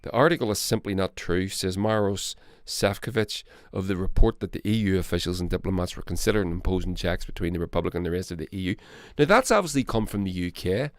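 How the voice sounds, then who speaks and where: A man's voice: low voice, fast talker, hardly any pauses, no echo, studio quality. A man hosting his own casual political commentary, blunt and rambling, swearing and restarting his sentences.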